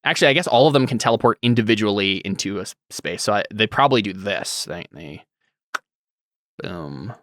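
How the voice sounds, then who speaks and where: A man running a tabletop role-playing game as game master, talking casually with many fillers and quick laughs. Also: fairly low pitch, animated, fairly bright tone, no room sound, studio quality. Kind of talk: narrating a tabletop game over a stream.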